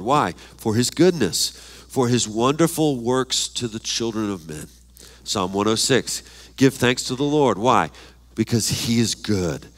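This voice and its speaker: An older man delivers a sermon from the pulpit, at a middle pitch. His preaching is lively and expressive, full of rhetorical questions and scripture read aloud. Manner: reads scripture verses aloud. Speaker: pastor.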